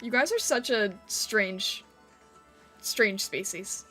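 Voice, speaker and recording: A woman's voice: mid-range voice, lively intonation, slow, pushed and bright, soft background music. A woman streamer chatting casually with her viewers on a live stream, giggling often as she reacts to their comments. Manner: giggly, playfully reacting to chat.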